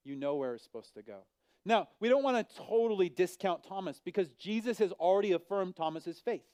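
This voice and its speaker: A man preaching in a smooth, resonant voice that sits a little above the usual male range. He is an animated pastor who acts out the figures in his story, rising and falling sharply in pitch and volume. The sound is close and dry, with no room echo. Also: brisk. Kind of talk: sermon.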